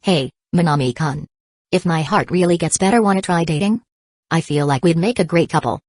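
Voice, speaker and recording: A playful teenage girl with a weak heart teases and giggles, as a woman reads her lines in an audiobook. Her voice sits low and soft, a little short of breath. The sound is dry and close. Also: a little fast, no room sound. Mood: teasing.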